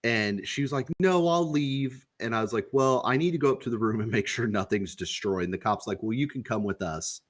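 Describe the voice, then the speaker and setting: A young man with a fairly low voice tells a story on a casual podcast. He talks loosely and swears freely. He acts out the other people's lines as he goes. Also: fast talker, hardly any pauses, a bit bright. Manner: loose and profane, acts out quoted dialogue. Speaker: podcast co-host.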